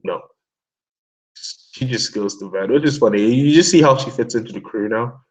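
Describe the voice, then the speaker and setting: A young man in casual chat about comic chapters, excitable and swearing, laughing often as he quotes characters. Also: medium pitch, normal speed, poor audio. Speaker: manga discussion host.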